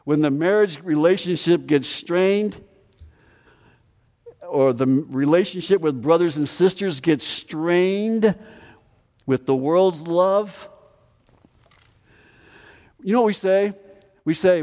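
A man's voice: a little high, slow pace, long pauses, darkish tone, big-room sound. A man preaching a sermon as pastor, emphatic, repeating phrases and asking the congregation questions. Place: church sanctuary.

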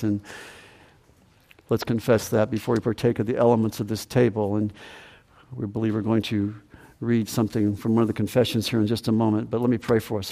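A man's voice: fairly low pitch, darkish tone, long reverb tail. A man preaching a sermon as pastor, emphatic, repeating phrases and asking the congregation questions. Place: church sanctuary.

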